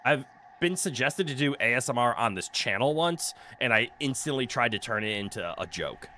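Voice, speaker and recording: Lively, bright-voiced joking man streamer. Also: mid-range voice, normal speed, a little hiss or hum. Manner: jokey, laughs often, swears freely. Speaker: streamer playing a video game. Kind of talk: casual live-stream commentary. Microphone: desk mic with a noise canceller.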